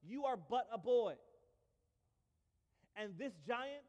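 A man's voice: high voice, moderate pace, a little mellow, in a large hall, natural voice. A man voicing an impatient, panicky king who keeps asking in disbelief. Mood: incredulous.

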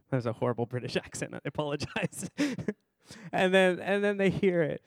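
A man's voice: fairly high pitch, fairly quick, clear, resonant tone, no room sound. A man preaching a sermon as pastor in a church service, chatty and conversational, quizzing the congregation by name and repeating phrases for emphasis.

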